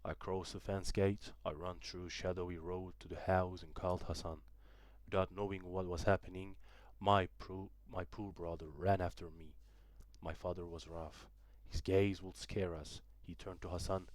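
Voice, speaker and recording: Deep-voiced young man reading a story. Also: little pitch movement, normal speed, no echo. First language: Turkish. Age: young adult. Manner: careful reading with small restarts. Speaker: student narrator. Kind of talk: audiobook narration.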